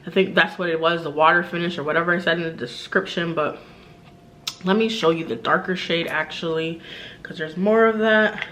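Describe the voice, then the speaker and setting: Chatty bright-voiced woman vlogger. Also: lowish voice, fairly even intonation, brisk, a little hiss or hum. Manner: chatty and enthusiastic, many fillers and asides to viewers. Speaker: beauty and luxury vlogger. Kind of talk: casual haul vlog talk to camera.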